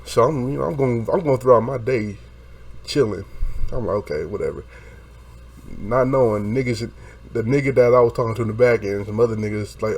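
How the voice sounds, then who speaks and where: A young man casually telling a story, animated and profane, acting out quotes and laughing along the way. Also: on the low side, quick pace.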